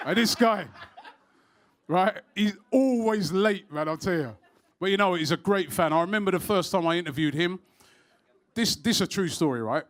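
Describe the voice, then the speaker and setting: Male host, energetic storyteller, higher-than-average voice. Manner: energetic, storytelling, rhetorical "right?". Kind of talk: live show hosting, introducing a guest.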